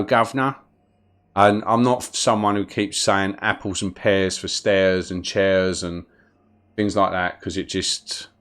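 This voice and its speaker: A man's voice: low voice, clean tone. A man with a London accent giving chatty, rambling gameplay commentary on a live stream and greeting viewers in the chat as he plays. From London, England.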